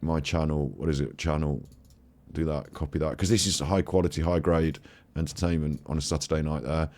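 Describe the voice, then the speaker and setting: A man's voice: extremely low pitch, steady tone, brisk, a little mellow. Crude sarcastic man. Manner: sarcastic, crude, laughing often. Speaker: host. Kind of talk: casual comedic commentary on old TV clips.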